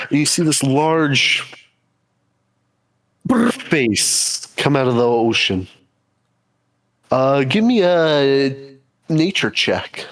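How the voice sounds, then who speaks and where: A man narrating a tabletop game as game master in slow, descriptive speech over a voice call. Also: medium pitch, fairly bright tone. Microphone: voice call microphone.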